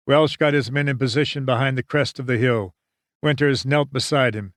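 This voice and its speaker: A man narrating an audiobook in a measured, dramatic storytelling manner. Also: mid-range voice, fairly even intonation, no echo, clean studio sound. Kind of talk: scripted narration.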